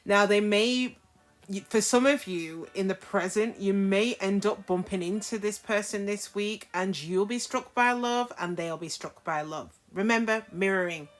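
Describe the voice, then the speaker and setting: A woman's voice: medium pitch, unhurried, soft background music. A woman giving a casual tarot reading to camera, frank and chatty, often checking in with her listeners. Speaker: tarot reader.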